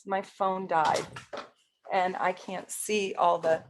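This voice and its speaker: A woman's voice: on the low side, little pitch movement, slow, noisy background. A woman astrologer hosting a casual live stream, chatting with viewers, easily flustered and laughing often.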